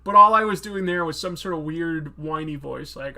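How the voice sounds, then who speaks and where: A man's voice: fairly high pitch, moderate pace, pushed and bright. A man hosting a casual live-stream Q&A about comics, chatty and rambling with many fillers. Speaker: comic book video host.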